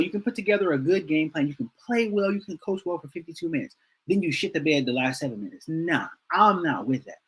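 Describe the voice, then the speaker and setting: A man's voice: fairly high pitch, slightly rough, poor audio. A man hosting a fan channel, ranting heatedly and repeating himself for emphasis about a football game. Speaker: sports channel host. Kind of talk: fan commentary rant.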